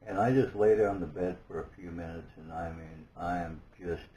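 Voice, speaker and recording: A man giving a personal testimony, halting and earnest, searching for words with many restarts. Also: sits low, warm tone, slight background noise, poor audio. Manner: earnest and awed. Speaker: guest telling his story.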